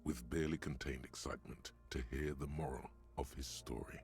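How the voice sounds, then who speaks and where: A deep, gravelly game narrator. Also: male voice, fairly even intonation, a little fast, a little mellow. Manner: grave, vivid descriptive delivery. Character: grim, grisly adult male narrator. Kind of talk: scripted narration.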